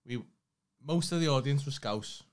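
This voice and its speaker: A man in relaxed conversation, spinning a long comic anecdote with lots of swearing. His voice sits at an ordinary middle pitch, and he talks loosely and chattily. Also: moderate pace. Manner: rambling anecdotes, heavy swearing. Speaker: comedy podcast co-host. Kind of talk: casual storytelling chat.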